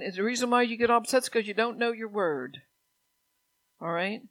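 High-voiced man preaching a sermon. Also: moderate pace, no echo. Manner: conversational preaching, repeats lines, frequent "all right?"; grows louder and more emphatic when exhorting. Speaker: pastor.

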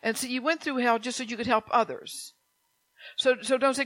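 A woman's voice: a little high, moderate pace, fairly bright tone, dry recording. An older woman preaching a sermon in a conversational way, with rambling asides and impassioned prayers she voices aloud.

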